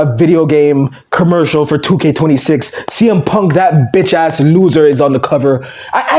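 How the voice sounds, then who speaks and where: A man with a high, bouncy voice vents about wrestling in a loose vlog rant. His tone is mellow and low in edge, but his talk is blunt, profane and fed up. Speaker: wrestling vlogger. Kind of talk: casual ranting commentary.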